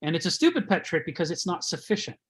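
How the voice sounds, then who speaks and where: A man's voice: on the high side, very animated, fast talker, fairly bright tone, husky. A man giving a conversational lecture, rambling, chuckling often and using many fillers.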